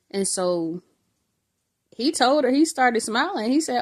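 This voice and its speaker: A woman's voice: on the high side, animated, a little slow, pauses often. A woman giving an earnest spoken testimony about a vision, talking conversationally with fillers and calling her viewers brothers and sisters. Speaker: faith vlogger recounting a vision.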